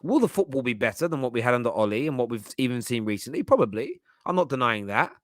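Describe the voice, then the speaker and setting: A man's voice: mid-range voice, very animated, quick pace, dry recording, studio quality. A man hosting football fan commentary, talking in a passionate, emphatic way. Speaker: football channel host.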